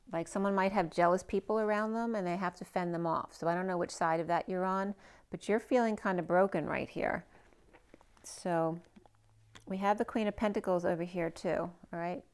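Woman tarot reader, slightly hoarse, lowish voice, musing aloud over the cards. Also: darkish tone. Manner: thinks aloud, muses and questions the cards as she goes. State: a bit hoarse, losing her voice. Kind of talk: casual spoken tarot reading to viewers.

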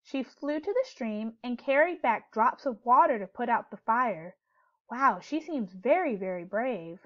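A woman teacher leads a storybook lesson for young children, her voice lively and rising and falling with a higher pitch. She asks questions gently and clearly, and the recording sounds dull and lo-fi. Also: a little slow.

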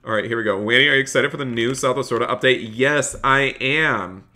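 Bright, upbeat man streaming live. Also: medium pitch, a little fast. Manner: upbeat, reads chat aloud and answers viewers. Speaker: game streamer. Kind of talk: live-stream commentary while playing.

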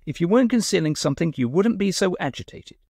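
A man voicing a mischievous young gentleman who talks in a breezy, teasing way. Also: high voice, expressive, fast, creaky, husky, no room sound, clean studio sound, pitched above the performer's own voice, heavily acted. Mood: brusque.

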